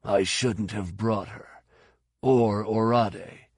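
A man doing a weary, older bounty hunter with a low, dry, gruff voice. He speaks slowly and flatly in a storybook reading, sounding worn out and unimpressed. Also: no echo.

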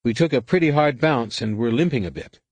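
A man's voice: mid-range voice, animated, brisk, breathy edge, no echo, voice pushed up. A man voicing a blunt female feline alien crewwoman on a starship in an audiobook, with clipped reports. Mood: reporting.

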